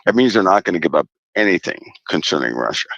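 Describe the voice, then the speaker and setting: Very deep gravelly-voiced man. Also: sing-song, fairly bright tone, dry recording, dull audio. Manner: deliberate, emphatic, repeats key phrases. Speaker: guest commentator. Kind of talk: casual interview talk.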